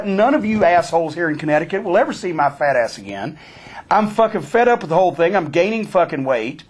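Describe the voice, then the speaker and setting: High-voiced, foul-mouthed storytelling man. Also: slightly rough. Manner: blunt, heavy swearing, animated retelling. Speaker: interviewee. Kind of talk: profane storytelling.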